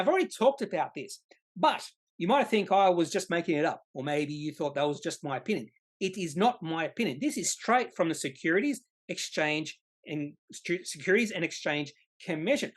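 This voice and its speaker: Emphatic host of an investing explainer. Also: medium pitch. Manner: emphatic, repeats key words, occasional self-corrections. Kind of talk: slide-based explainer lesson.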